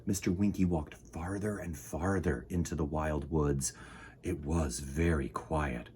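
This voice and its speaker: A man reading a picture book aloud to children, animated and full of sound effects. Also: extremely low pitch, measured pace, a little hiss or hum. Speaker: children's storyteller.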